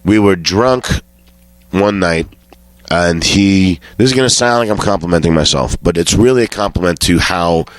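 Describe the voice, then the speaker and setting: A man with a deep, low voice recounts showbiz anecdotes as a guest on a talk show. He swears casually and slips into the voices of the people he quotes. The sound is dry and close, with no room around it. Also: moderate pace, dry recording. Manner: swearing storyteller who acts out quotes. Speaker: comedian guest.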